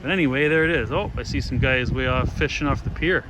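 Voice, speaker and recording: A man's voice: medium pitch, quick pace. Easygoing man narrating outdoors. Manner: rambling, easygoing, chatty asides. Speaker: travel and fishing vlogger. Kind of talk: casual walking-tour narration. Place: outdoors by a lakeside harbor. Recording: outdoor background noise.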